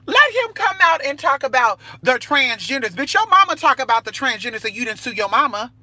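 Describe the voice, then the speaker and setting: A brash woman vents to her phone camera while she waits outdoors at a bus stop. Her voice is bright and pointed, and she swears freely with a sassy, cutting edge. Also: sits high, big pitch swings, fairly quick, no room sound. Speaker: vlogger. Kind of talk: casual rant to camera.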